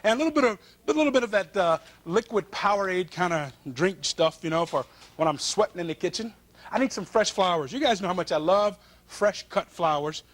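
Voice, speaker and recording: Male cooking host, folksy and excited, higher pitched voice. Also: fairly quick. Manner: folksy, enthusiastic, addresses viewers directly. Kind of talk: upbeat cooking show presenting.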